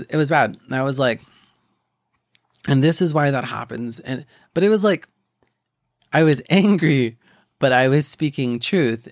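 Young guy, gravelly voice, middle pitch, talking about his faith in a halting, rambly way. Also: dry recording, studio quality. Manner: rambling, halting, many restarts and fillers. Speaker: podcast host. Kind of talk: personal faith testimony.

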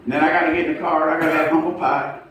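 High-voiced preacher in an echoey hall. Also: male voice, little pitch movement, racing, fairly bright tone. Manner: folksy, emphatic, calls for amens. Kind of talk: sermon. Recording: echoey hall from far off, noisy.

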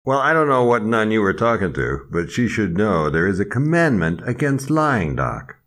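An older man with a Midwestern American accent, his voice sitting low but leaping around with animated energy. He teases his co-host and tells stories with theatrical flair in a casual comic podcast. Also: moderate pace. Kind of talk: casual comic chat and storytelling.

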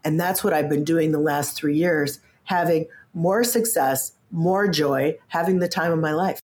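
A woman in her fifties with a low, deep voice, chatting as an interview guest. She talks with energy and often repeats the first word while she finds her thought. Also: unhurried. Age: 50s. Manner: animated, stammers at starts, acts out quoted voices. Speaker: podcast guest, coach and author. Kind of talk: casual interview chat.

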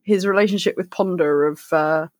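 A woman's voice: fairly low pitch, no echo. Woman recapping a book, dry mic. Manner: recaps plot in quick alliterative summary. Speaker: podcast co-host. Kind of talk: casual book podcast chat.

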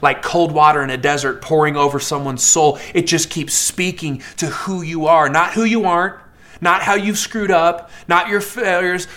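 Male pastor, sermon, bright tone, conversational, acts out characters, fast asides. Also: on the high side. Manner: fast, conversational preaching with many fillers.

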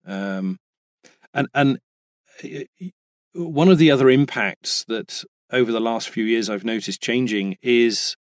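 A man's voice: medium pitch, measured pace, dry recording. British man, dry close mic. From Britain. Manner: chatty, hesitant with frequent restarts. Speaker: voice actor, guest. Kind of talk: casual interview chat.

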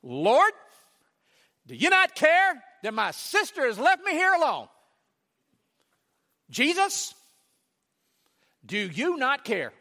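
A man putting on a shrill, exasperated woman. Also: fast talker, few pauses, in a large hall. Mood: indignant. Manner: indignant, scolding.

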